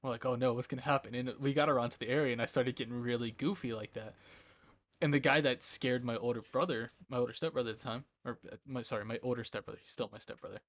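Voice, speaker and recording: A young man in his twenties talks on a live stream, giggly and rambling, at a middling pitch. His voice is close and dry, with little room sound around it. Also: steady tone, fast, fairly bright tone, dry recording. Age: 20s. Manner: giggly, rambling, often breaks into laughter. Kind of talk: casual chat. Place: indoor room at home.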